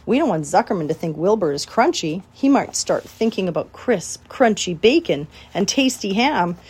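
A wise, kind female spider from a storybook, patient and coaxing. A woman gives her voice a husky softness with lively rises and falls. Her tone stays gentle but firm. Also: mid-range voice, moderate pace. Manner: gentle, coaxing, commanding at times.

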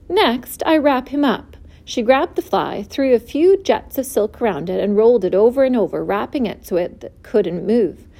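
A woman's voice: mid-range voice, vocal fry, dark tone. Woman reading a children's story. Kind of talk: reading a children's book aloud.

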